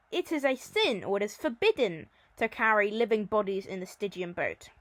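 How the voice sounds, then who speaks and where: A woman teaching a recorded Latin lesson, reading verse lines slowly and then explaining them in plain, chatty terms. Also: mid-range voice, sing-song, dry recording.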